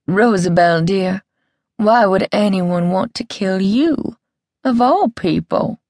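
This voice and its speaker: A woman's voice: medium pitch, slow pace, darkish tone, no echo, clean studio sound. A woman voicing a skeptical younger sister who keeps her tone nonchalant and lightly sardonic.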